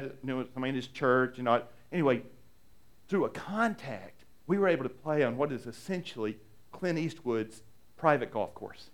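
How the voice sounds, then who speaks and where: A man's voice: mid-range voice, clear, resonant tone. A middle-aged male pastor preaching a sermon, telling a story in a conversational way and acting out the quoted lines.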